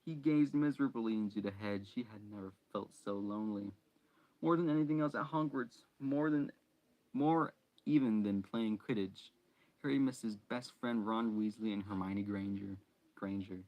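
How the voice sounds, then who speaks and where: A man's voice: lowish voice, moderate pace, lo-fi sound. A man reading a novel aloud in a casual, unpolished way, stumbling and restarting words and breaking off for asides. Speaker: hobby reader.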